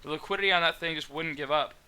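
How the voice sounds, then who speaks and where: A young man with a bright, smooth, clear voice, pitched a little above the usual for a man. He talks his viewers through his trades casually, rambling with plenty of fillers and restarts. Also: fast talker. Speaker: stock trading mentor.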